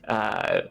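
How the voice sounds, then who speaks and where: A man narrating as game master of a tabletop game, halting with many fillers. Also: fairly bright tone. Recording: live stream mic.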